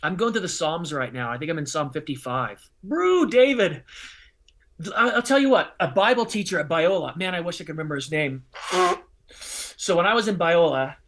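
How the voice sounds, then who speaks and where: Guy with a bright, kinda high voice telling a personal story in an interview, blunt and casual, gets loud and jumpy when he hits a point. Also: a little fast. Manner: emphatic and expressive, with sudden jumps in pitch and loudness; blunt and informal, calls people bro and dummy. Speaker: interview guest.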